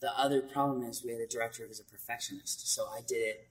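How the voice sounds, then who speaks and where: A man's voice: mid-range voice, fast, far from the mic. A man, a voice actor, telling stories in an interview with lots of laughter. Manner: animated, laughs often. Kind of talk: casual interview storytelling. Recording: echoey hall with faint noise.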